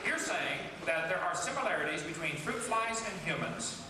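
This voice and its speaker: Animated high-voiced male debater, echoey hall. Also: crowd noise, noisy background. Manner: quick, eager, interjecting. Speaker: creationist debater on stage. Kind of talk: public debate exchange. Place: large lecture hall. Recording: echoey lecture hall from far off.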